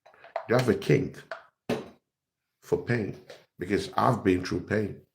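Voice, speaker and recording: A man's voice: on the low side, takes it slowly, gravelly, noisy background. A young man, host of a football fan channel, ranting in exasperation and repeating himself. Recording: echoey room.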